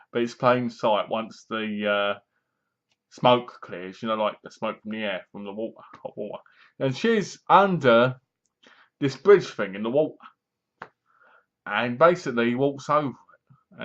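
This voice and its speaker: A man casually recapping a horror film, animated, acting out the characters' lines and laughing at his own jokes. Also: mid-range voice, highs cut off. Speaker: movie reviewer.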